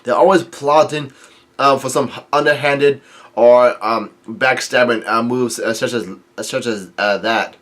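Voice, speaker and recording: A man's voice: mid-range voice, steady tone, measured pace, a bit bright. A man casually talking through a comic chapter, rambling and chuckling, with many filler sounds and restarts. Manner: chuckles often while talking. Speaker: manga chapter reviewer.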